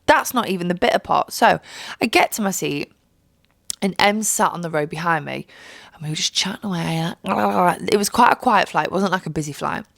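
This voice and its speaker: Foul-mouthed young woman, gravelly voice. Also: on the low side, brisk, no echo, clean studio sound. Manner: animated, sweary storytelling with mocking voices. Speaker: vlogger. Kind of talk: storytime vlog.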